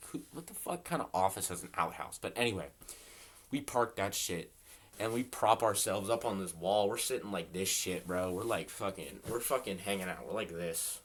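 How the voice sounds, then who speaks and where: A man's voice: low voice, fairly bright tone. A young man in a casual, rambling storytime vlog, full of profanity and constant "like" and "bro", recorded in his bedroom at home. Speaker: storytelling vlogger.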